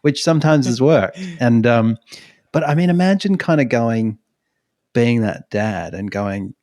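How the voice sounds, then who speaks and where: A man's voice: mid-range voice, lively intonation, measured pace, darkish tone, no room sound. A man co-hosting a podcast, musing wryly in casual chat and laughing often. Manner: wry, reflective, laughs often. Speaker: podcast co-host.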